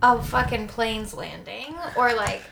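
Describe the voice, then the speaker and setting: A woman's voice: on the high side, a little slow, vocal fry, over a noisy crowd. A woman co-hosting a podcast, chatty and frank, leaning on "like" as she talks. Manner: chatty, filler-heavy, frank. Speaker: podcast co-host. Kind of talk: casual podcast chat.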